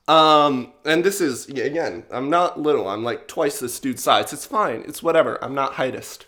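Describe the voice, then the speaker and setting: A man's voice: mid-range voice, normal speed, few pauses, fairly bright tone. A man vlogging in a casual, rambling storytelling way, self-mocking and full of fillers.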